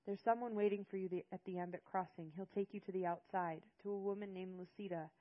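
A woman's voice: medium pitch, fairly even intonation, fast talker, highs cut off, close to an everyday voice. A woman voicing an urgent, pleading father who begs his daughter to listen, in an audiobook. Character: urgent desperate father, older man.

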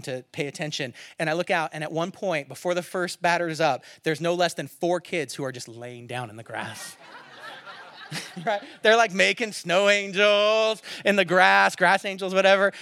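A man in his thirties, a pastor preaching a sermon and telling stories, swinging between loud emphatic bursts and near-hushed asides. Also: high-pitched, no room sound, studio quality. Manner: animated storytelling, swings from loud to quiet.

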